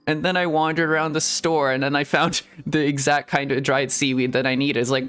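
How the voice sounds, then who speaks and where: A live streamer chats at a mid pitch, giggling between nearly every sentence. The talk rambles and doubles back in a silly, self-correcting way. Quiet music plays faintly behind the voice. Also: level tone, brisk, hardly any pauses, clear, resonant tone. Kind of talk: casual live-stream chat. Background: faint background music.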